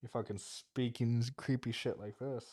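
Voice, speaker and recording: A man's voice: medium pitch, fairly even intonation, normal speed, warm tone, dry recording, studio quality. A man reacting to a livestream clip, laughing and mocking crudely for his chat. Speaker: streamer reacting to clips. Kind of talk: reaction commentary.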